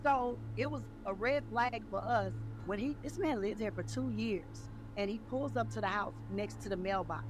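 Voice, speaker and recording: A woman's voice: mid-range voice, moderate pace, hardly any pauses, background noise. A woman in an interview, earnestly retelling events in plain, everyday speech. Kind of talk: interview recollection.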